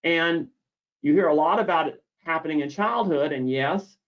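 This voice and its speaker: A man giving an explanatory lecture on a treatment, deliberate and repeating key words for emphasis. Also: a little high. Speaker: misophonia therapist explaining treatment. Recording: dull lo-fi audio.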